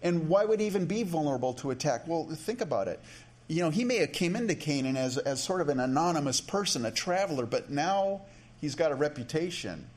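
Conversational preacher, higher-pitched man. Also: expressive, fairly quick. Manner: conversational, many restarts and asides. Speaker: pastor. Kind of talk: sermon.

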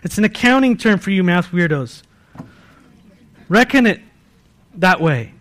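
A man with a high voice delivers a sermon as pastor of his church. His delivery swings from loud, rising bursts to quiet, hushed emphasis. He leans on rhetorical questions aimed straight at his listeners. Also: lively intonation, measured pace. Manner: pleads with rhetorical questions to the congregation. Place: church service.

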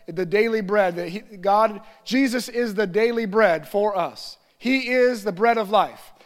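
A male pastor with a high voice delivers an earnest sermon from the pulpit. He stacks short phrases into lists and eases into soft, prayerful reading. The sound carries a long hall reverb.

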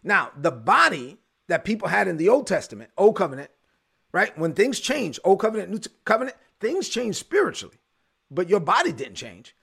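A man preaching a sermon in an animated way, acting out the voices of churchgoers. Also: sits high, normal speed, creaky, slightly rough. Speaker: pastor.

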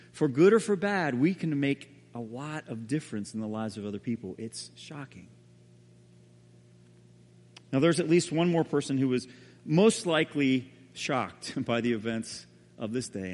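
A man preaches a sermon, telling the story with drama and often sinking into a hushed tone. His voice sits a little high for a man. The sound carries a long, reverberant hall tail. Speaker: pastor.

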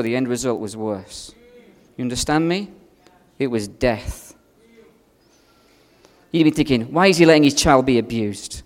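A man preaching a sermon, telling a personal story with strong swings between loud and hushed delivery. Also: medium pitch, in a large hall. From outside America.

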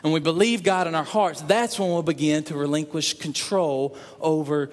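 A man's voice: a little high, fairly even intonation, normal speed. A man preaching a sermon in an earnest way, repeating phrases for emphasis and voicing prayers aloud. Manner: earnest, repetitive emphasis, acts out prayers in quotes. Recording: long reverb in a hall.

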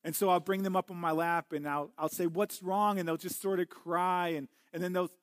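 A man's voice: high voice, little pitch movement, brisk, dry recording, clean studio sound. A middle-aged man preaching a sermon as a pastor, earnest and often restarting his words. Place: church.

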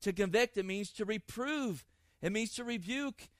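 A man's voice: sits high, normal speed, no room sound. A man preaching a sermon, emphatic and repeating phrases for stress. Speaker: pastor.

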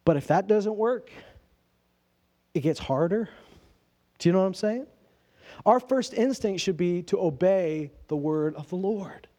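A man's voice: sits high, a little slow, pauses often, mellow. A man preaching a sermon in a conversational way, asking his listeners rhetorical questions and acting out quoted speech in everyday voices. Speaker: pastor.

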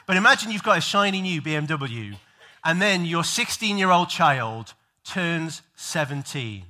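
A male preacher talks to a church congregation in a relaxed, joking sermon. His voice sits a little high and rings bright and crisp. He laughs at himself and wanders through fillers as he talks. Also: moderate pace. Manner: self-deprecating, joking, loose with fillers. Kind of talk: sermon, conversational.

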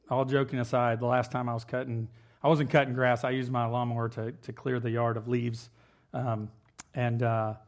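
A man in his thirties preaching with mock-serious sarcasm, talking conversationally with many fillers. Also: medium pitch. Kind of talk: sarcastic sermon.

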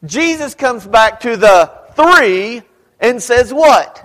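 A man preaches a sermon in a conversational way, throwing questions out to the congregation. His voice sits high and he takes his time, and at points he climbs up into a shout. The sound carries a long reverb from the church hall around him. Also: lively intonation, slow pace. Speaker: pastor.

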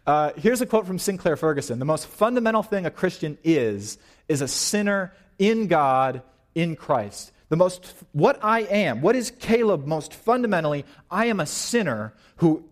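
A young man in his twenties giving an informal, animated sermon at church, pacing and gesturing as he talks. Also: high voice. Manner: paces and gestures while preaching, animated and informal. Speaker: young preacher.

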